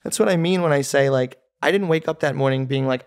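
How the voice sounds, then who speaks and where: A male comedian appears as a guest on a casual podcast, telling stories in an animated way. His voice is mid-range and he talks fast.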